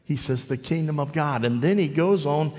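A man preaching a sermon as pastor, telling a story with halting restarts and acting out a child's voice. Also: on the high side, darkish tone, long reverb tail. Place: church.

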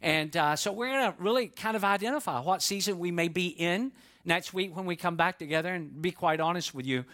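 A man's voice: high voice, a little fast, bright, forceful tone. A man preaching a sermon as pastor, conversational and folksy, telling a joke story before the message. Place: church.

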